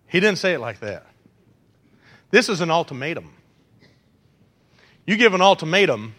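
A preacher with a high, bright voice delivers an animated sermon, teasing the congregation and acting out quotes. His words ring out with a long reverb in a church hall. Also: normal speed, long pauses.

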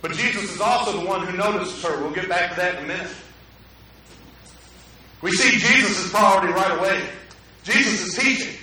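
A pastor preaching a sermon in a conversational way, often putting questions to the congregation, in a church sanctuary. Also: male voice, sits high, moderate pace, pauses often, pushed and bright. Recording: echoey hall, mic at a distance.

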